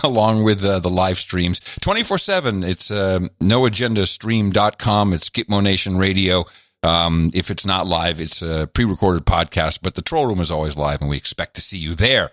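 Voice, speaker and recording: A man's voice: lowish voice, fairly bright tone, dry recording. A man co-hosting a podcast in casual banter, joking and mocking with frequent laughs, on a close studio mic. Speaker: podcast co-host.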